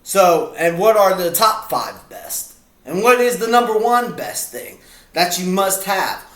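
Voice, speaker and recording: A man with a high, bright voice chats casually as the host of his video, playful and rambling, losing his thread and starting over. He speaks at an unhurried pace, in an echoey room. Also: sing-song. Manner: rambling, playful, breaks off and restarts. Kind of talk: casual chat.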